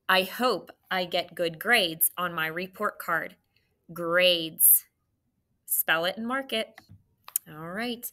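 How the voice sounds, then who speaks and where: A woman teaching a phonics spelling lesson, spelling out letters slowly and patiently and checking answers with the class. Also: on the low side, pushed and bright.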